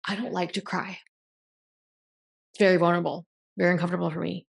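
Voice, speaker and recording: A woman's voice: fairly low pitch, flat delivery, fast talker, creaky, husky. A woman giving a blunt, emphatic motivational talk as a self-help coach, swearing casually.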